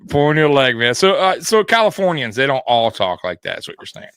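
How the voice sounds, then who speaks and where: A man's voice: mid-range voice, sing-song, brisk, fairly bright tone, clear, resonant tone, no room sound. A man co-hosting a casual live sports stream, laughing often and teasing his co-host.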